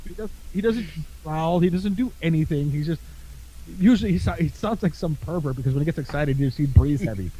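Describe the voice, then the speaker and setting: A man's voice: a little high, fairly quick, dark tone, a little hiss or hum, rough recording. A man co-hosting a podcast in casual chat, swearing freely, laughing often and acting out his dog's antics as he tells stories. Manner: profane, laughing storyteller who acts out his dog. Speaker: podcast co-host.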